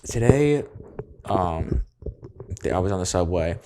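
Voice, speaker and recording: A man's voice: sits low, lively intonation, unhurried, mellow. A young man co-hosting a podcast, chatting casually and rambling through stories with frequent laughs. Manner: rambling storyteller, laughs often. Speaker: podcast co-host. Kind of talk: casual chat.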